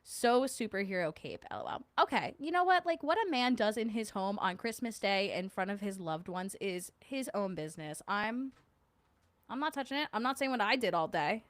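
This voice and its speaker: A woman's voice: mid-range voice, expressive, moderate pace, no room sound. A woman hosting a casual livestream, chatting with viewers. She reads their comments aloud, jokes and laughs often, and hums little filler tunes. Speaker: livestream host.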